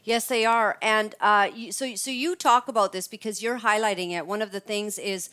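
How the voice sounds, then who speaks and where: A woman's voice: mid-range voice, steady tone, fairly bright tone, clear, resonant tone. Eager woman hosting an interview. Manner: eager, affirming, with halting restarts. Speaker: host.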